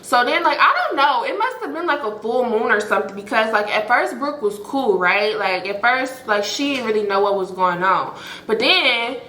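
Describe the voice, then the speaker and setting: A woman hosting a storytime, telling a story in an animated, profane way and acting out what people said. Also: fairly high pitch, normal speed, reverberant, a little hiss or hum. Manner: animated, profane, acts out quoted lines. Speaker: storytime host. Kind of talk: casual storytelling.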